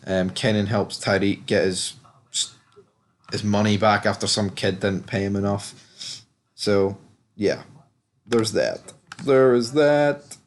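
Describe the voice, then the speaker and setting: A man with a fairly low voice talks through a TV episode in a loose, chatty recap. He is blunt and candid, swears without a second thought and fills his sentences with casual asides. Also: fairly even intonation, slow pace, long pauses. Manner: loose and chatty, many fillers. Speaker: TV episode reviewer.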